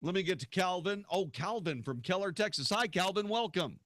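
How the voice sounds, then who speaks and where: Combative talk radio host, dry sound. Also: male voice, sits high, lively intonation, fairly quick, fairly bright tone, no echo. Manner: combative, rhetorical questions.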